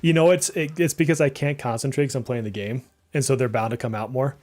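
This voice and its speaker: A man's voice: mid-range voice, fairly even intonation, quick pace, darkish tone. A man in his thirties from Massachusetts with a slight Massachusetts accent, chatting in a rambling way while streaming a game live and reacting aloud to play. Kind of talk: casual live gameplay chat.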